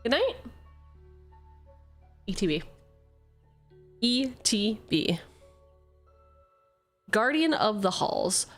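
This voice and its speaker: A woman's voice: medium pitch, sing-song, extremely slow, pauses often, soft background music. A woman streamer in casual live-stream chatter, reading card text aloud and joking at her own expense, swearing freely. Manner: playful, self-mocking, swears freely, jumps between jokes and reading. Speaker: streamer opening card packs.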